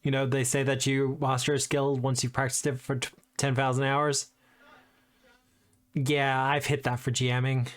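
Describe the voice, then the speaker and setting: A man's voice: mid-range voice, little pitch movement, normal speed. A man acting as game master, chatting casually in an easygoing, teasing way. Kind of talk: casual chat.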